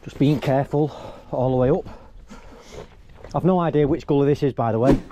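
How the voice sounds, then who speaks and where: A man's voice: medium pitch, brisk, music in the background. A man vlogging outdoors on a rocky mountain as he climbs, talking chattily to an action camera while cold and working hard. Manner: chatty, self-deprecating, exclaims while climbing. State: cold, exerting himself climbing. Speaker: hiking vlogger. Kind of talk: breathless on-the-go commentary. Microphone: handheld or body-mounted action camera.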